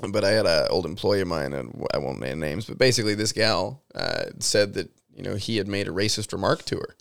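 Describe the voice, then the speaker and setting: A man with a low, gravelly voice spins a long-winded story in loose, casual chat. He swears often and leans on fillers as he goes. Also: brisk, fairly bright tone. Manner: rambling anecdotes, frequent swearing and fillers. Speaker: store owner, podcast co-host.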